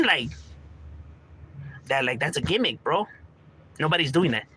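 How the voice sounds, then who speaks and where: Man, casual street-slang monologue, very bright tone, pitched a bit high. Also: lively intonation, unhurried, breathy edge, poor audio. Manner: street slang, frequent "bro" and "you know", acts out quoted homies. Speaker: commentator talking about gang culture.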